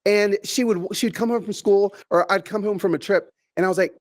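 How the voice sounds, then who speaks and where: A middle-aged man giving a motivational keynote to an online audience, animated and chatty, often repeating words and stretching phrases out slowly for emphasis. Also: high-pitched. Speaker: keynote speaker.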